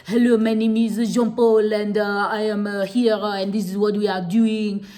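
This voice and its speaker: A woman voicing a French man who speaks halting English with a French accent, pausing on "uh" between phrases. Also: medium pitch, flat delivery, mellow, close to an everyday voice. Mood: hesitant. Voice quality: hesitant, filled with drawn-out "uh"s.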